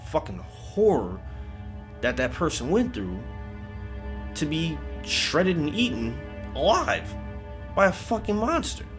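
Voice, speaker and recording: A man's voice: on the high side, huge pitch swings, takes it slowly, pauses often. A man telling a first-person scary story in a casual, profane, street-style way. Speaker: horror story narrator. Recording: music bed under voice.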